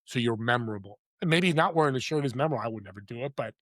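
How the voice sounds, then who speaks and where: A man's voice: medium pitch, animated, racing, fairly bright tone, no echo. A man talking as an interview guest, telling stories with eager emphasis in casual chat. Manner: enthusiastic, storytelling, emphatic. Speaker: podcast host and guest.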